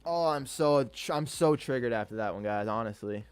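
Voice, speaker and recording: Young man, live trading stream, excitable, swears a lot, chats with viewers, faint music behind. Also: mid-range voice, moderate pace, clean tone. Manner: excitable, swears often, talks to chat. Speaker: livestreaming day trader.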